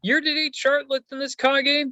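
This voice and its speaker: A man's voice: very high voice, level tone, moderate pace, bright, forceful tone, no echo, muffled recording. A man hosting a stock news chat, talking casually and rambling with many fillers and hesitations. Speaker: stock show host.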